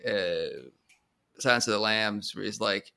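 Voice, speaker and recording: A man co-hosting a podcast, chatting casually about TV shows with animated restarts and stumbles. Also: on the low side, unhurried, clean tone. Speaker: podcast co-host.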